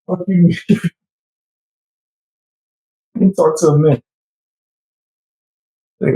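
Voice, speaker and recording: A young male streamer in casual commentary, brash and profane, his voice leaping high whenever he mocks someone. His tone has a gravelly edge, and the sound is dry, close, and without room echo. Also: takes it slowly, pauses often. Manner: brash, profane trash talk with frequent laughs; animated, jumping sharply high when mocking.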